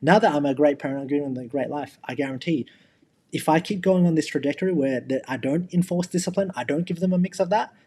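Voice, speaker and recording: A man's voice: a little high, quick pace, dark tone, slight background noise. A man in his thirties, a podcast co-host, talking casually and with energy, often repeating words as he thinks aloud. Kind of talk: casual chat.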